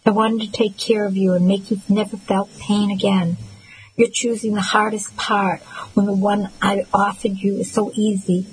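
A woman reading the lines of a hurt, bitter young man in an audiobook, quiet and clipped. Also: medium pitch, level tone, normal speed, a little hiss or hum, natural voice, rough recording. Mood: pleading.

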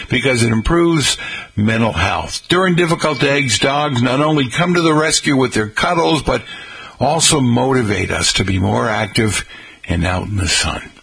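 A man's voice: mid-range voice, gravelly, a bit bright, husky, low-quality recording. A male radio host chatting casually and folksily with his listeners.

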